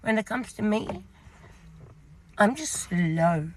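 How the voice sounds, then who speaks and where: A woman's voice: medium pitch, expressive, takes it slowly, darkish tone, slight background noise. A young woman with an Australian accent telling a storytime rant in a chatty, rambling way full of fillers. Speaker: vlogger.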